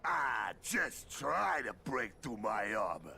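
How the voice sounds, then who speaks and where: An actor voicing a brutish, threatening armored supervillain in a video game, slow and gravelly. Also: male voice, mid-range voice, big pitch swings, bright, forceful tone, shouting, slight background noise, exaggerated voice. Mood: menacing.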